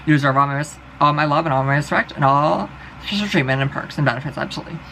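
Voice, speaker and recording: A man's voice: fairly high pitch, racing, bright, forceful tone, a little hiss or hum, poor audio. A young man vlogging, delivering a rambling, profane and exasperated monologue. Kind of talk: casual ranting monologue.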